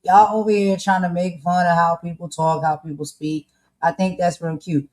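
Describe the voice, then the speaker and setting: A woman with a lowish, slightly mellow voice and a New Jersey accent touched with North Carolina co-hosts a podcast, giving casual commentary. She speaks at normal speed in a level tone, yet comes across emphatic and fired-up, using "y'all" and "okay?"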